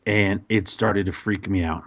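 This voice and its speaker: A man on a podcast telling a story in a casual, animated way, with many fillers and restarts. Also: low-pitched, measured pace, no echo. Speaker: podcast host.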